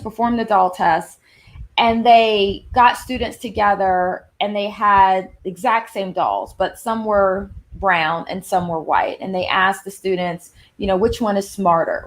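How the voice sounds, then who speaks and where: A woman in her fifties with a Southern accent, giving an animated presentation with emphatic shifts in pace. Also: mid-range voice. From Long Island, New York. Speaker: speaker on workplace anti-racism. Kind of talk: presentation to an audience.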